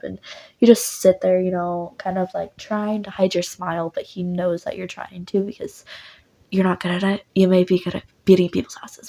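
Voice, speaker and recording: A woman's voice: fairly low pitch, level tone, fairly quick, gravelly, a little mellow. A woman narrating a story in a casual, rambling way, full of fillers. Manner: rambling, lots of "like". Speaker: voice actor narrating.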